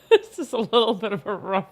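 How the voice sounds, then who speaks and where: Gravelly, husky woman co-host. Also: mid-range voice, very animated, moderate pace. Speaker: stream co-host. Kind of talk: casual live-stream chat.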